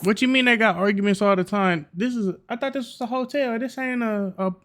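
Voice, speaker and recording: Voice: mid-range voice, fairly quick, a bit bright. A reaction video host giving casual, slangy, joking commentary over footage.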